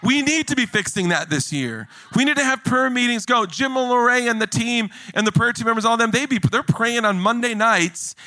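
A man preaching a sermon in a church, animated and jokey, building emphasis as he goes. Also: extremely high pitch, fairly quick, few pauses, no room sound. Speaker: pastor.

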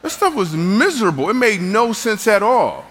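A middle-aged man preaching a humorous sermon, animated and jokey, acting out what people said. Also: sits high, normal speed, very noisy. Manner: animated, jokey, acts out quotes. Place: church hall. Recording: long hall reverb.

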